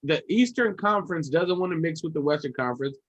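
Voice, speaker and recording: A man's voice: on the high side, animated, fast talker, dull audio. A man and comedian in casual podcast chat who jumps in eagerly and explains things step by step.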